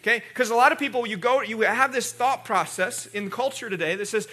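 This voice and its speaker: A pastor preaches to his congregation in a church, talking in a loose, conversational way and restarting his words as he goes. His voice sits very high and bright for a man. He keeps asking the room to repeat after him and answer back. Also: brisk, hardly any pauses, husky. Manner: calls on the congregation to respond. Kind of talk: sermon. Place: church sanctuary.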